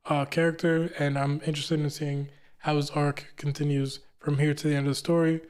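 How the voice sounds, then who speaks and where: A man giving relaxed reaction commentary while reading comic dialogue aloud, chatty and laughing often. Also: a little high. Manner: relaxed and chatty, laughs often, keeps saying "you know what I'm saying". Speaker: manga reaction streamer.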